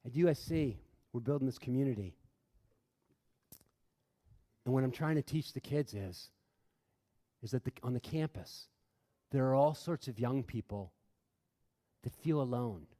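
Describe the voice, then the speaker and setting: A man giving an impassioned talk to an audience in a large room. He tells stories earnestly, building to loud, emphatic bursts and then dropping quiet. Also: mid-range voice, expressive, normal speed. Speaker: speaker addressing an audience. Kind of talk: impassioned public talk with storytelling. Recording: reverberant hall sound.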